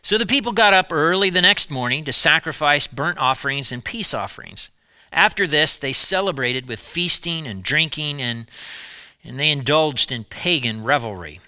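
A man preaching, retelling a Bible story in a lively storytelling way with small asides. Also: fairly high pitch, moderate pace, clear, resonant tone, no room sound.

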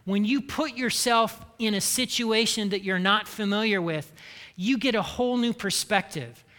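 A man from Indiana delivers a sermon and talks to the room as if in conversation, often tagging lines with "okay?" and "right?". His voice sits high and sounds bright and forward. It rings out with a long echo from a large hall. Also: normal speed. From Indiana, United States. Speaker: preacher.

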